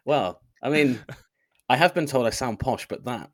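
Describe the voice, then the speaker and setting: A man's voice: mid-range voice, expressive, moderate pace, dry recording, clean studio sound. A man co-hosting a casual podcast, giggly and self-mocking, laughing often. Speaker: podcast co-host. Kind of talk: casual chat.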